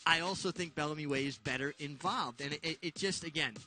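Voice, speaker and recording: A man co-hosting a horse racing show, explaining race replays in a measured, explanatory way. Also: on the high side, pushed and bright, faint music behind. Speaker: show co-host.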